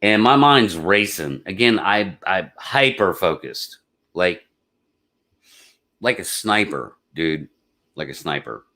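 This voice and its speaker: A man with a fairly low voice tells a story to his live stream audience. He rambles in a casual way, gets excitable and repeats words as he goes. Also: slow pace, long pauses. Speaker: podcast host.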